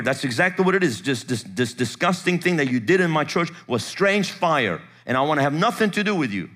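A man preaching a sermon tells a story in an animated, conversational way. His voice sits at an ordinary middle pitch, and he shifts into the voices of the people he quotes. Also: a little fast. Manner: animated, acts out quoted dialogue. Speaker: pastor.

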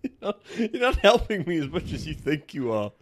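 A man's voice: fairly high pitch, very animated, a little hiss or hum. A man co-hosting a casual accent guessing game, playful and teasing. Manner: playful, teasing, quick to laugh. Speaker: co-host.

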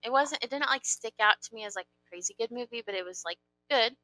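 A young woman co-hosting a casual chat, teasing and quick to question. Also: fairly high pitch, sharp tone, dry recording, rough recording. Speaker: co-host.

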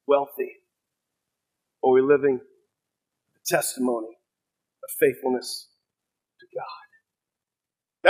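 A middle-aged man, a pastor preaching a sermon, telling stories in an earnest, halting way with fillers and restarts. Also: fairly high pitch, breathy edge, low-quality recording.

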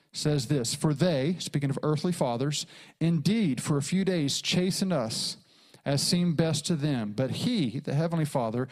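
A middle-aged male pastor preaching with emphatic repetition. His voice sits a little higher than most men's. He leans into quoted lines and gives them a dramatic turn. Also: a little mellow. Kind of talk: sermon.

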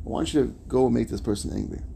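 A man voicing a wise, older male rabbi who speaks calmly and deliberately. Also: medium pitch, vocal fry, a little hiss or hum. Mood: instructing.

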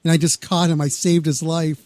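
A man's voice: fairly high pitch, little pitch movement, normal speed, darkish tone, no echo. A man hosting a casual interview, chatting with enthusiasm and frequent interjections. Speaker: host.

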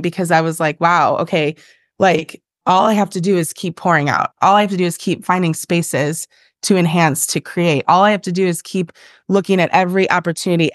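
Woman in her thirties, podcast guest, earnest, filler-heavy, low voice, dry sound. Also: no echo. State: briefly emotional. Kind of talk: casual interview chat.

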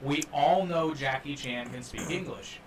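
A man co-hosting a podcast, chatting and joking in an animated way about a film. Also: a little high, unhurried. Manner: animated, joking, lots of restarts. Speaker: podcast co-host. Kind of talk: casual chat and film review. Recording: distant mic, faint room noise.

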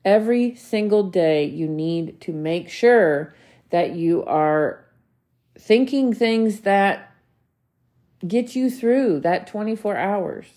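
A woman's voice: mid-range voice, lively intonation, takes it slowly, warm tone. A woman in her thirties hosting her own podcast, talking earnestly and emphatically to listeners, repeating key phrases and swearing casually. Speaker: podcast host. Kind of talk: motivational solo podcast talk.

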